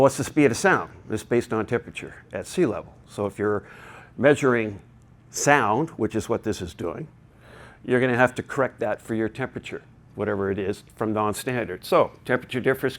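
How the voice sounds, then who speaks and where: A man gives a technical talk at a conference, explaining things to the audience in a loose, chatty way. He wanders off into digressions and joking asides. His voice sits at an ordinary middle pitch. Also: a little fast, creaky. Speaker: conference presenter. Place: conference hall.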